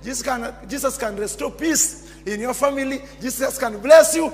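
High-voiced pastor preaching with fervor. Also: male voice, normal speed. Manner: emphatic preaching, repeats phrases, bursts into shouts. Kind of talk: sermon. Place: church. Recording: long church reverb with music behind.

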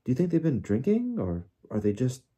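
A man voicing a worried, clever teenage girl witch, talking quickly and earnestly. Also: medium pitch, wildly swooping pitch, warm tone, slightly rough, pitched above the performer's own voice. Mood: indignant. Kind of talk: audiobook character voice.

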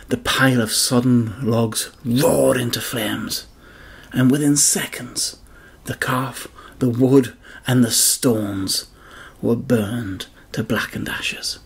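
A man's voice: medium pitch, slightly rough. A man narrating a Bible story for children, speaking expressively and addressing the kids directly.

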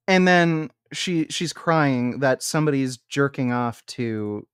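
A man rants on a reaction stream, blunt and profane, scornful of what he watches. His voice is smooth and resonant and the sound is dry and close. He stumbles into restarts when worked up. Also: medium pitch, unhurried, dry recording.

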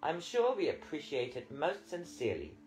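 A man voicing a gallant young male Highland laird who talks with stiff, flustered politeness. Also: huge pitch swings, moderate pace, darkish tone, faint music behind, rough recording. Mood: flustered formal.

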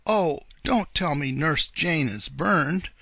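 A kindly old rabbit gentleman from a storybook, polite and a little fretful, as a man puts him on. He speaks in a raised, raspy voice with a bright, gravelly edge and lively swings of pitch. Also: measured pace, dry recording, exaggerated voice. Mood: dismayed. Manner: polite, old-fashioned and earnest.

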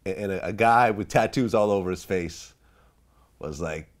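A man's voice: sits low, moderate pace. A man interviewing a comedian, prompting him with cues to old stories and laughing along. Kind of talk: interview questions.

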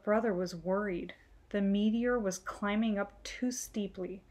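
A woman reading a children's book aloud, gentle and clear. Her storytelling is calm and even-paced. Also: mid-range voice, unhurried. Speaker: storytime reader.

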